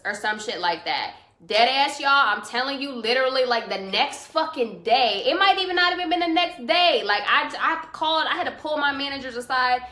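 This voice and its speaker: Brief: young woman podcast host, bright and higher-pitched, profane and emphatic storyteller, echoey room. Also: animated, brisk, few pauses. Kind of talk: casual chat.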